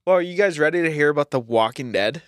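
Animated, higher-voiced man co-host. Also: fast talker, dry recording. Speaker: podcast co-host. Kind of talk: casual chat.

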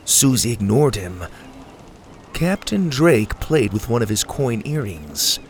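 A man narrating a children's adventure storybook in a calm, expressive way. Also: fairly low pitch, measured pace, breathy edge. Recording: faint music behind.

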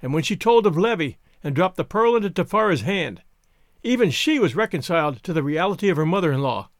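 A male podcast host reads a classic story aloud in an expressive storytelling manner. His voice sits high and moves lively through its range. The recording is dry and close. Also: brisk, no echo. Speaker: podcast narrator. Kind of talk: scripted narration.

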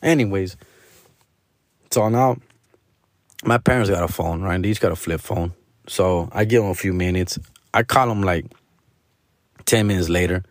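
A man's voice: low-pitched, normal speed, pauses often, dry recording, studio quality. A man telling a rambling, profane story in slangy English with Spanish mixed in.

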